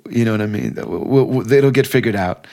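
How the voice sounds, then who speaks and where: A middle-aged man with a low, gravelly voice tells a personal story. He speaks in a casual, heartfelt way and fills his sentences with conversational asides. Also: moderate pace, warm tone. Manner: heartfelt, conversational, many fillers. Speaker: podcast guest telling a story.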